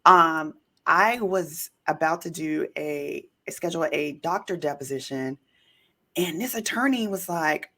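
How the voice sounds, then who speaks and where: A woman hosting an interview podcast, an attorney herself, talking in an emphatic, animated way and telling stories. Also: deep voice, measured pace. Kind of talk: casual interview chat.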